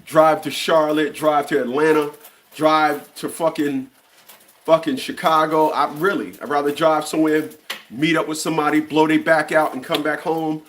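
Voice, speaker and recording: A man's voice: a little high, level tone, normal speed, a bit bright, slight background noise. A man in his fifties delivering a blunt, profane opinion rant, often stumbling and repeating words as he restarts. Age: 50s. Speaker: commentary channel host.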